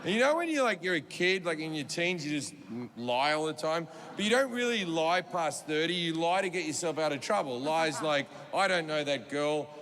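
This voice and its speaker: A man telling a stand-up story, animated and profane, slipping in and out of voices at a live comedy show. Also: a little high, normal speed, few pauses, long reverb tail, a little hiss or hum.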